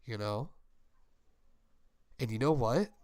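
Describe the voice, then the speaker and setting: A male podcast co-host talking in a loose, rambling way, full of swearing and laughter. His voice sits at a middling pitch. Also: expressive, slow, darkish tone. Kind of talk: casual chat.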